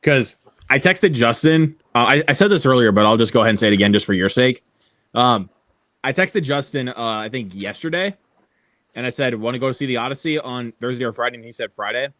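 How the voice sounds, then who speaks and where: Young man, casual host, laid-back, frequent laughs, middle pitch, dry close sound. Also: animated, brisk, fairly bright tone, no echo. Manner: laid-back, laughs often, stumbles and restarts. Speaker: stream host. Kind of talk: casual chat. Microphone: online call.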